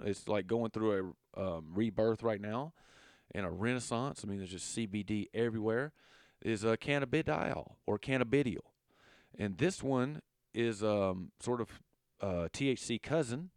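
A man with a Southern accent giving a casual lesson, relaxed and full of fillers, stumbling over long chemical names. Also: lowish voice, clean tone, dry recording, studio quality. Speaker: educator.

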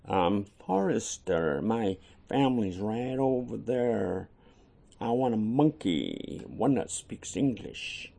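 Man doing a mischievous little boy, matter-of-fact, gravelly undertone. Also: on the low side, animated, takes it slowly, dark tone, exaggerated voice. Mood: chatty. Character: lively mischievous young boy.

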